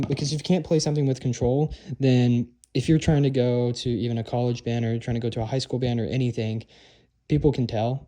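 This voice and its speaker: A young drumline instructor with a mid-range, dark-toned voice casually explains how to hold a marching drum stick. He talks loosely, with lots of fillers and restarts, in a noisy room recording.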